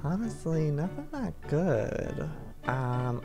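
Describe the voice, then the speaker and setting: A man's voice: a little high, sing-song, unhurried, music in the background. A man hosting a playful let's-play video, talking theatrically with frequent gasps and sneaky stage whispers. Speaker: gaming video host.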